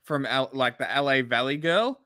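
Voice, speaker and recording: A man's voice: mid-range voice, expressive, moderate pace, pushed and bright, dry recording, clean studio sound. A man co-hosting a live stream, giving blunt, opinionated remarks and laughing often. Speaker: co-host of a reaction stream. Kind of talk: casual chat.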